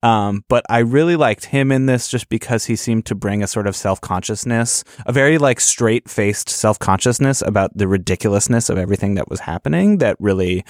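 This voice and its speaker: Male podcast co-host, lowish voice, dry recording, musing and halting. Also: no echo. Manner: thoughtful, hesitant, many restarts. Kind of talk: casual movie discussion.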